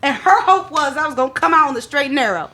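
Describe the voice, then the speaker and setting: A woman sharing her life story on a panel, lively and expressive. She often breaks into the voices of people in the story. Her voice sits a little high. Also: fast talker. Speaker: panel guest.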